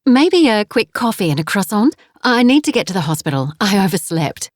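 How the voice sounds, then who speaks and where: A woman's voice: mid-range voice, big pitch swings, brisk, no room sound, voice pushed up. A woman voicing a tired, worried middle-aged mother who speaks tenderly and anxiously.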